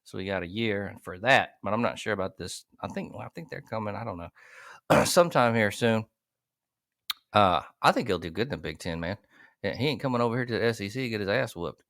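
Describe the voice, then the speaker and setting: A man's voice: lowish voice, lively intonation, brisk, fairly bright tone, no room sound, studio quality. A man hosting a podcast, rambling and swearing in crude casual chat. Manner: profane, rambling, laughs a lot. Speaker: podcast host.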